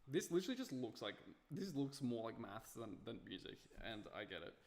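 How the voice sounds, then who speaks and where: A man's voice: medium pitch, big pitch swings, a little fast, darkish tone. A young man streaming himself at work, muttering notes to himself with self-mocking asides. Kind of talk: casual live-stream talk while working.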